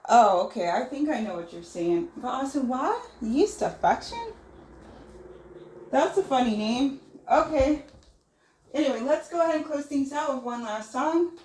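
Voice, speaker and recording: A woman's voice: sits high, expressive, a little slow, a little mellow, a little hiss or hum. A woman hosting a casual livestream, reading viewer messages aloud and musing on them. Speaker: livestream host. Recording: roomy echo.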